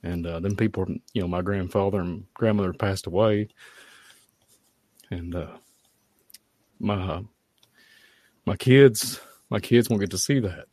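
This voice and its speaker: A man, giving a halting, heartfelt personal testimony at a prayer meeting. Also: low voice, a little mellow, husky, dry recording. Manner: halting, heartfelt, many fillers. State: tearful at times.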